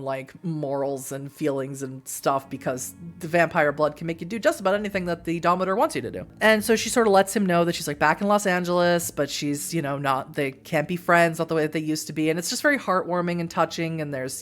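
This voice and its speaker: A woman's voice: sits low, quick pace, hardly any pauses. A woman vlogger rambling through a show recap in a giggly, self-deprecating way.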